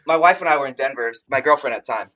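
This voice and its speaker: A man co-hosting an author podcast, excitable and slangy, telling stories in casual chat. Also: mid-range voice, rapid-fire. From United States.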